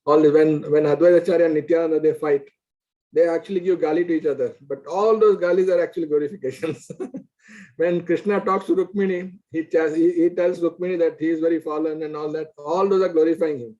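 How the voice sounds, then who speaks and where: A man's voice: fairly high pitch, fast, highs cut off. A man telling a devotional story, acting out the characters and laughing often. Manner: animated, acts out quoted characters, laughs often. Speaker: guest speaker. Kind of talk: storytelling religious talk.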